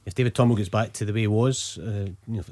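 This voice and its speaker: A Scottish pundit talks fast in a lowish voice, words tumbling over restarts, in a dry studio. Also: male voice, fairly even intonation, dark tone, no room sound. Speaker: football pundit. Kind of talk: radio punditry.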